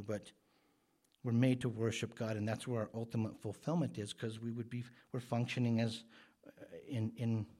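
A man preaching a sermon as pastor, earnest and emphatic, growing louder on the words he stresses. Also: lowish voice.

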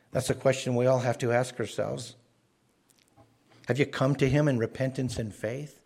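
A man's voice: mid-range voice, darkish tone, husky. A man preaching a sermon, earnest and often repeating words as he stresses a point. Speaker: pastor.

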